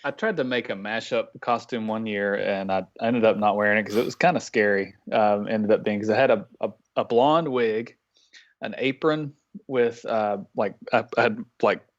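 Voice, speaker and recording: A man co-hosting a casual podcast, telling a story in a relaxed, hesitant way that trails off. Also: fairly low pitch, normal speed. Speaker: podcast co-host. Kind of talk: casual chat. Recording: dull, lo-fi audio.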